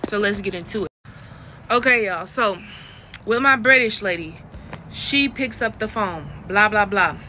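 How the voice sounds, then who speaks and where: A woman's voice: mid-range voice, unhurried, pauses often, bright, forceful tone, a little hiss or hum. A woman giving a casual, frank voice lesson to camera as a coach, chatty and laughing at her own jokes. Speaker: voice coach for phone work.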